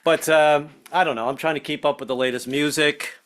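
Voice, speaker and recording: A man's voice: a little high, fairly even intonation, brisk, a bit bright. Stammering man doing stand-up. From American South. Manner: stammering, self-interrupting delivery with frequent put-on voices. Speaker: stand-up comedian. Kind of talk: stand-up comedy set.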